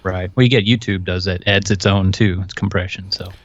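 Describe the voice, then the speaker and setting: A man's voice: low-pitched, fairly even intonation, a little fast, dry recording. A man co-hosting a casual live stream, joking around and trading banter. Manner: jokey, throws in silly voices and laughs. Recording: dull lo-fi sound.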